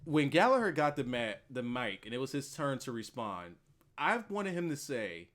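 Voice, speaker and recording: A male wrestling reviewer talking loosely with a co-host. His voice rises and falls in a lively way. He swears freely and breaks into laughter often. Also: mid-range voice, normal speed. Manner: animated, profane, laughs a lot. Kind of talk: casual podcast chat.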